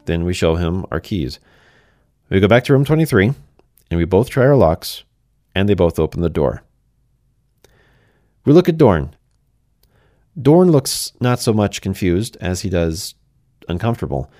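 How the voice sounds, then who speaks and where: Deep-voiced man narrating a fantasy story. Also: big pitch swings, unhurried, long pauses, warm tone, no echo, studio quality. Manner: conversational, speaks to the listener directly.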